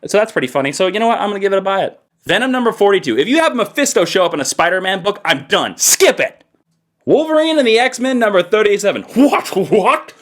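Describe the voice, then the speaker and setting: Lively, animated man reviewing comics. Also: sits high, fast. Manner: energetic, joking, exaggerated enthusiasm. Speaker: comic book reviewer, channel host. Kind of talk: casual video review.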